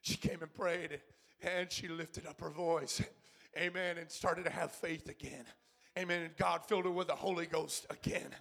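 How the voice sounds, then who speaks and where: A man's voice: fairly high pitch, fairly even intonation, normal speed, creaky, fairly bright tone. A man preaching a sermon at a church service, fervent and rhythmic, repeating his phrases and breaking in with hallelujahs.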